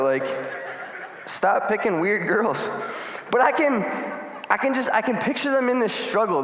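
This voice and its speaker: A young man in his twenties preaching a casual youth sermon, acting out the scenes as he tells them. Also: high voice. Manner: animated storytelling, acts out scenes. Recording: echoey hall.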